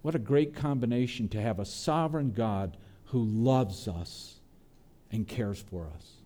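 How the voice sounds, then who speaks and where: A man preaching a sermon, earnest, his voice dropping low and soft on tender lines and lifting on prayers. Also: unhurried. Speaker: pastor.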